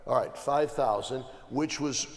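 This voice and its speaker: A man's voice: medium pitch, unhurried. A man from the American Midwest, an archbishop speaking as a guest on a panel. He talks emphatically, piling up repeated phrases and restarting his sentences. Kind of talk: conversational panel talk. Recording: long hall reverb.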